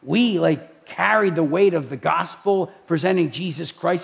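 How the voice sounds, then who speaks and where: A man preaching in a chatty way, telling stories with lively acted-out voices. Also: a little high, normal speed, gravelly, few pauses. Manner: animated storytelling, acts out quoted voices. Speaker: pastor. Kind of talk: preaching talk.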